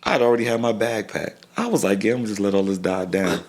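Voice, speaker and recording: A middle-aged man tells a personal story as a podcast guest in a deep voice with a rough, crackly edge. His speech comes in halting bits that often restart, and he voices the people in his story.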